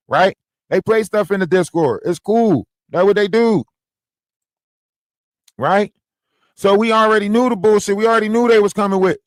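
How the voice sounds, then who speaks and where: A man with a notably high speaking voice, chatting on a livestream. He is loose and profane and hammers the same lines for emphasis, with a close, dry sound. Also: no room sound. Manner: animated, profane, repeats phrases for emphasis. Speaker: livestream co-host. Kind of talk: casual livestream commentary.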